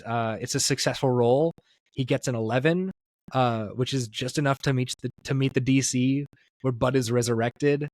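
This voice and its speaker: A man's voice: medium pitch, no echo. Guy hosting a podcast, lots of um and like, rambles and restarts himself, dry mic. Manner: rambling, filler-heavy, self-correcting. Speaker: podcast host. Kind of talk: casual podcast interview.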